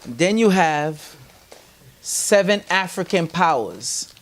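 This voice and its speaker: A man's voice: high voice, slow. A man being interviewed who tells his stories animatedly, acts out the voices of people he quotes and gives spiritual advice. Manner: lively, acts out quoted voices, laughs mid-story. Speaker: interview guest.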